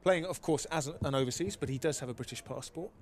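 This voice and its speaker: Analytical male cricket co-commentator. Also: a little high. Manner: analytical, measured, fills with um. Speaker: expert co-commentator.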